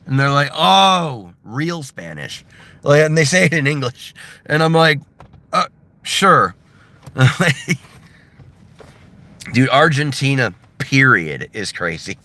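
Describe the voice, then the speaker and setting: A man's voice: mid-range voice, measured pace, long pauses, sharp tone, no echo. An American man in his thirties chatting casually on a live stream, rambling with lots of fillers and laughing as he mimics other voices. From United States. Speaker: livestreamer. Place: in a car.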